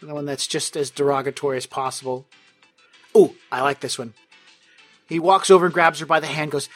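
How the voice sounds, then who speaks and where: A man's voice: a little high, steady tone, a little fast, pauses often, fairly bright tone, soft background music. A man narrating a tabletop game as game master, telling the story vividly and playfully.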